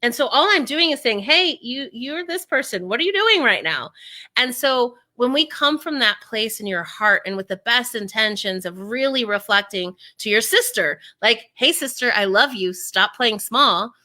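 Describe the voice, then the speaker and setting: Bright, animated woman coaching. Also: on the high side, normal speed. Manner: animated, acts out quoted voices. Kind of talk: casual interview chat.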